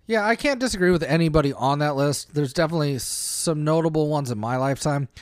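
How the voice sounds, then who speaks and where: A man's voice: fairly high pitch, quick pace, no room sound, clean studio sound. A man co-hosting a casual movie podcast with wry, jokey banter. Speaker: podcast co-host.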